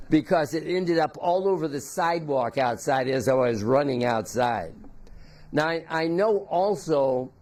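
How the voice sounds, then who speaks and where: An older man speaks at a memorial, his voice sitting a little high for a man. He tells homespun stories in a folksy, halting way, circling back and restarting his sentences as he goes. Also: darkish tone. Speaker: former teammate giving a tribute. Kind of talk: memorial tribute storytelling.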